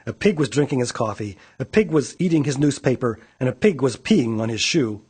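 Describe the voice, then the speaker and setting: Husky man reading a children's story. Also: medium pitch, brisk. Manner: animated, playful read-aloud. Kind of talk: reading a children's picture book aloud.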